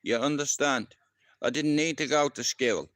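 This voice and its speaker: Middle-aged Irish man, livestream storyteller, rough street talk, clear smooth voice, dry mic. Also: mid-range voice, moderate pace, fairly bright tone, no echo. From Ireland. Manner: rambling, swears freely, keeps asking if you understand. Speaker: livestream host. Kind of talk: casual storytelling.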